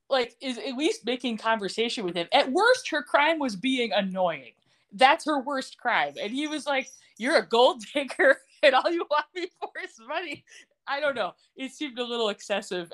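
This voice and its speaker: Woman, podcast host, sarcastic, laughs often, bit high, swoops all over. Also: a bit bright. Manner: sarcastic, laughing, blunt and profane. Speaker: podcast host recapping a TV series. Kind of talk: casual chat.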